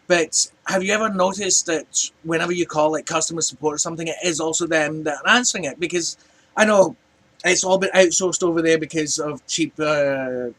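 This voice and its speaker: A man's voice: fairly high pitch, fairly quick, fairly bright tone. A Scottish man in his forties ranting casually to camera, rambling and chatty with lots of restarts. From Scotland. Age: 40s. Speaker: vlogger. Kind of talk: casual rant.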